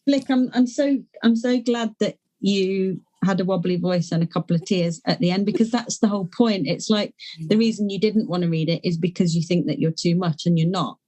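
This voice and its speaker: Frank, low-voiced woman guest. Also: brisk, mellow. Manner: frank and plain-spoken, swears casually. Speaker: poet and podcast guest. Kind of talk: candid conversation.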